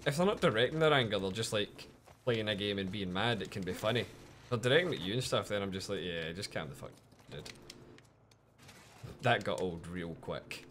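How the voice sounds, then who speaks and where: A man giving casual, lively commentary while streaming a game, chatting with viewers and swearing often. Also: fairly low pitch, fairly quick, a little hiss or hum.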